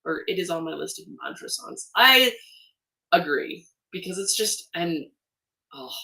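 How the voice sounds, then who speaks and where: Canadian woman streamer, chatty and animated, often drifts off-mic. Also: lowish voice, measured pace, creaky, recorded from a distance. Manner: chatty and animated, laughs often, many ums. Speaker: livestream host, artist. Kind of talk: casual livestream chat reading comments.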